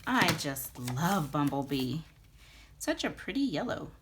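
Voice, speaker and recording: Low-voiced woman gushing over a craft. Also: sing-song, measured pace, a little hiss or hum. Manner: chatty, gushing, thinks aloud while working. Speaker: card-making demonstrator. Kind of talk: casual crafting tutorial.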